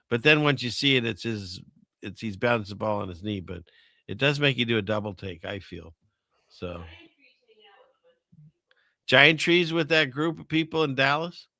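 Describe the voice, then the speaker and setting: A man hosting a casual talk show in a gravelly but bright voice, close and dry on the mic. He wanders through stories, trails off, and laughs along with his own jokes. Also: medium pitch, no room sound. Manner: rambling, self-amused, chuckles at his own jokes. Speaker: podcast host. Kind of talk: casual chat.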